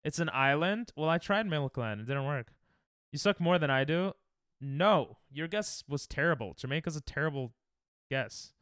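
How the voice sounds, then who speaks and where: A man's voice: a little high, expressive, moderate pace, a bit bright, clear, resonant tone, no echo, studio quality. Joking young American man streaming games. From United States. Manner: joking, trash-talking chat, thinking aloud. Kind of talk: casual live-stream chatter while playing.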